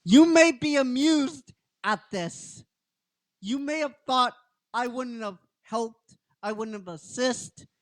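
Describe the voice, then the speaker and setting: A man voicing a defiant teenage girl hero who cries as she shouts her defiance up at the sky. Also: extremely high pitch, takes it slowly, voice pushed up. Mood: tearful defiance. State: crying.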